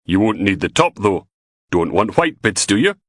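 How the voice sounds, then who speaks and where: A flirty, teasing woman with a Fife accent, as a male narrator puts her on, her voice lifted high and bouncing up and down. She chats along playfully, heard close and dry with no room around her. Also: wildly swooping pitch, quick pace, a bit bright, no room sound.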